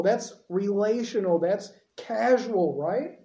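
Mellow-voiced male preacher in a roomy space. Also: sits high, animated, unhurried. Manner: conversational, asks the audience questions. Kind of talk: sermon. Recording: roomy echo.

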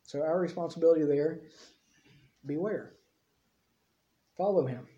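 A male preacher with a high, mellow voice teaches through scripture verse by verse. He talks conversationally, often tossing in quick tag questions. The recording is a bit dull and lo-fi. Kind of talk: expository Bible teaching. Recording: slightly dull lo-fi audio.

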